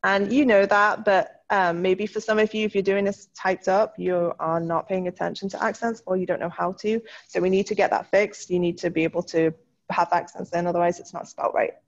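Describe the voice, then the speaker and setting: A woman runs an online French class, upbeat and encouraging, and slows down to sound out each French word. Her voice sits at a middle pitch and comes through slightly dull video-call audio. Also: steady tone. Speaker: French teacher. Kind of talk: online class, correcting student writing.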